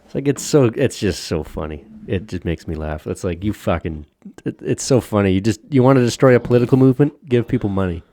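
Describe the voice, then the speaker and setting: A man's voice: fairly low pitch, animated, fast talker, dark tone, no room sound, clean studio sound. A man co-hosting a casual podcast, ranting with lots of profanity and frequent laughter. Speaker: podcast co-host.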